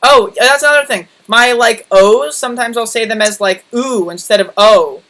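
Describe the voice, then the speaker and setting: Guy chatting on a discord call, crisp bright voice, goofy rambly talk. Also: very high-pitched, rough recording. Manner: rambling, playful, drawn-out words. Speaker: YouTuber host. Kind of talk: casual chat on voice call. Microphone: computer mic on voice call.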